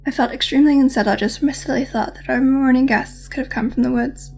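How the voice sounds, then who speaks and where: A woman's voice: high voice, fairly even intonation, fast talker, vocal fry, a little mellow. A woman gaming host reading a visual novel aloud, mixing dramatic reading with casual asides. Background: faint game music.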